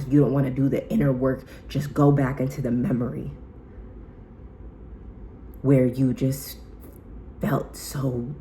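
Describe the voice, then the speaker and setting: A woman vlogger giving a heartfelt self-help talk in a soft, intimate, casual way, often slipping into whispers. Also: very deep voice, a little hiss or hum, rough recording.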